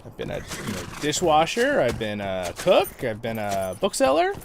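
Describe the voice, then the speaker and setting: A man talks his way through a game on a livestream, loose and rambling, breaking into laughs as he goes. His pitch swings a lot, rising and dipping as he tells stories. There is a faint hiss behind him. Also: wildly swooping pitch, normal speed, creaky. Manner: chatty and rambling, laughs often. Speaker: livestream host and guide. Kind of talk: casual gameplay commentary.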